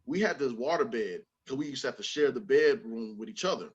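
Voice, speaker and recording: A man hosting a podcast, telling a childhood story in a casual, animated way with plenty of swearing. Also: mid-range voice, brisk, husky, highs cut off. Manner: animated, swearing, repeats words when excited. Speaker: podcast host.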